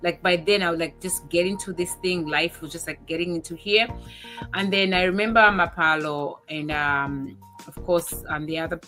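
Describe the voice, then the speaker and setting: A woman's voice: fairly low pitch, normal speed, soft background music. A woman in her forties hosting a talk show, chatting casually and acting out the people in her stories. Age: 40s. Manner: animated storyteller who acts out quoted dialogue. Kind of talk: casual chat.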